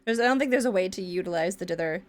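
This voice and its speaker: A woman's voice: on the low side, racing, no echo. A young woman streaming her pixel art, chatting in a rambly way, swearing casually and humming to herself as she draws. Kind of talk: casual chat while drawing pixel art.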